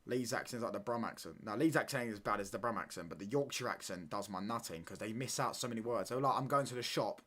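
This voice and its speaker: A man hosting a live football watchalong, talking in excitable, slangy banter and reacting to the play as it happens. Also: fairly low pitch, fast talker, few pauses. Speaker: watchalong streamer.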